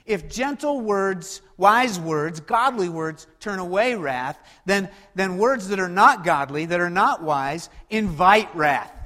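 A man preaching a sermon as pastor, swinging between loud emphatic passages and hushed, quiet asides. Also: high voice, long reverb tail.

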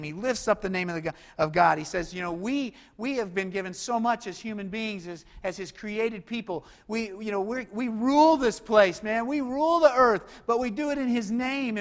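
Male pastor, high-pitched, emphatic sermon delivery, long reverb. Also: a bit bright. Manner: preaching with rising emphasis and rhetorical questions.

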